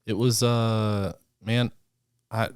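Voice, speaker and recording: A man co-hosting a casual podcast, animated and joking, often swearing. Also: lowish voice, drawn-out words, smooth, no echo, clean studio sound. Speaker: podcast co-host. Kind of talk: casual chat.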